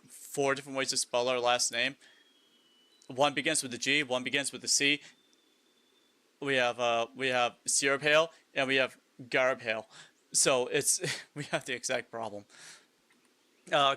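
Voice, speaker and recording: A man's voice: mid-range voice, sharp tone, dry recording. A man live-streaming a game in casual chat, reading lists aloud, musing, and chuckling often.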